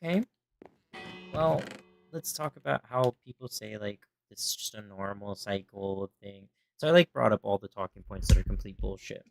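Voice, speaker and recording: Young dude streaming games, kinda low gravelly voice, rambly storyteller doing everyone's voices. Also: male voice, animated, normal speed, dry recording, soft background music. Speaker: gaming livestreamer. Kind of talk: casual chat while gaming.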